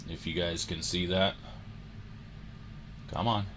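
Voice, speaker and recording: A man hosting a sports card show, telling a story in a casual, animated way and acting out the moments. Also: deep voice, takes it slowly, slight background noise.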